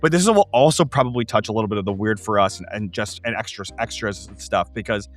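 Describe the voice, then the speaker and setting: A man hosting a tabletop gaming show, explaining ideas in an animated, casual way with quick asides. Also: lowish voice, soft background music.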